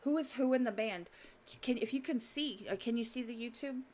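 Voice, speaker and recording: A woman's voice: on the high side, brisk, a little mellow, a little hiss or hum. A woman hosting an unscripted podcast, chatty and giggly. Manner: giggly, chatty, swears freely. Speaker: podcast host. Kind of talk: casual unscripted chat.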